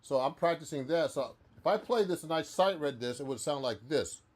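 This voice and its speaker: Brisk and expressive, his voice on the high side, the guitar teacher loosely chats through his live-streamed practice. The professional musician answers viewers, frequently breaking off to start again.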